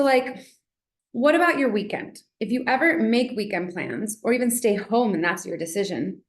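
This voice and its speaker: A woman's voice: fairly high pitch, reverberant. A young woman hosting a casual book discussion, chatty and full of "like," reading passages aloud now and then. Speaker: book club host.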